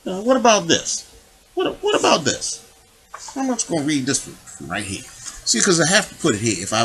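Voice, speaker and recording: A man's voice: mid-range voice, sharp tone, poor audio. A man giving a rambling spiritual monologue, digressive and full of rhetorical questions. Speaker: public official making his own videos.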